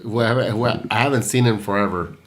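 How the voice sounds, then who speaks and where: A man's voice: lowish voice, fast. Tipsy, laughing man podcast host. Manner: laughing, loose, playful. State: tipsy from vodka shots. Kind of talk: casual chat.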